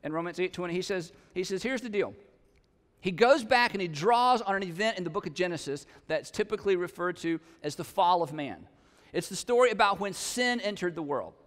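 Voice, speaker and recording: A middle-aged male pastor preaching a sermon in a conversational, animated way, often mimicking his listeners. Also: sits high, brisk. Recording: long reverb of a large hall.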